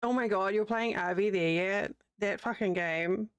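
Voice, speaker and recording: A woman's voice: medium pitch, normal speed, clean tone, no echo, clean studio sound. A young woman with a New Zealand accent, chatting casually with her livestream audience while she crochets, rambling and answering chat as she goes. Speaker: streamer.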